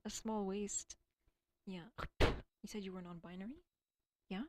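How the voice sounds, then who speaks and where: A woman's voice: medium pitch, moderate pace, long pauses, a little mellow, no echo. A woman rambling alone on a casual stream, swearing often, stumbling over words and dropping into whispers now and then. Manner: rambling, profane, self-deprecating.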